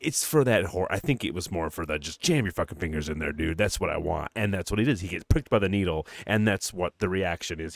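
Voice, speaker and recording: Podcast co-host: middle-aged man, low register, dry mic, animated profane recap. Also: fast talker, creaky, hardly any pauses, dry recording. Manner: animated, profane plot retelling. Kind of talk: casual movie discussion.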